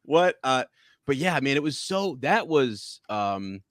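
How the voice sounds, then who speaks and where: A man's voice: mid-range voice, sing-song, slow pace, a bit bright, dry recording, clean studio sound. A man co-hosting a podcast, chatting casually about a TV episode, rambling with many restarts. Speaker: podcast co-host. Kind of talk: casual TV review chat.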